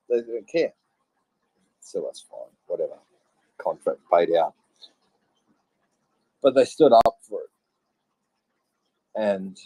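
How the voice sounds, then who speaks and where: Exasperated Australian man, low dark voice. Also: no echo, low-quality recording. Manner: heated, exasperated, apologetic laughs. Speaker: Twitter Space speaker. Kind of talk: casual live audio discussion.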